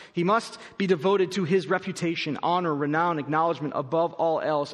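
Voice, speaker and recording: High-voiced male pastor preaching in a hall. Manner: emphatic, argumentative preaching with rhetorical questions. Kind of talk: sermon. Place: church auditorium. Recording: long reverb of a large hall.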